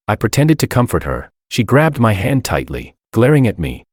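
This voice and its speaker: A man's voice: on the low side, sing-song, moderate pace, hardly any pauses, no room sound, studio quality. A man giving scripted first-person narration of a dramatic story. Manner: dramatic, pleading in his own quoted lines.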